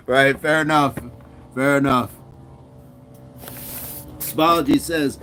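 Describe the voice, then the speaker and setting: A man's voice: a little high, fairly even intonation, drawn-out words, long pauses, pushed and bright, slight background noise. A man hosting a casual live stream, upbeat and laughing often as he reads out viewer comments. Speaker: fitness streamer.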